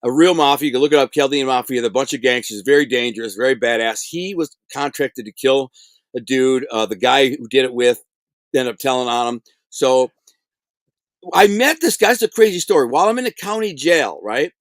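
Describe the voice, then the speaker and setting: Slightly fast and medium in pitch, a middle-aged man shares prison tales in a casual interview setting. His animated, streetwise telling is thick with slang and acted-out quotes, recorded without echo.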